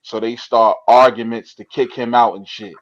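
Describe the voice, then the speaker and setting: A man in a middle register tells a story in a relaxed, rambling way, restarting his sentences as he goes. His audio is dull and lo-fi. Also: mid-range voice, normal speed. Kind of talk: casual storytelling chat.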